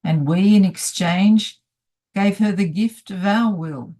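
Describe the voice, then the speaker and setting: A woman giving a steady, solemn devotional reading. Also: medium pitch, slow pace. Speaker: reader.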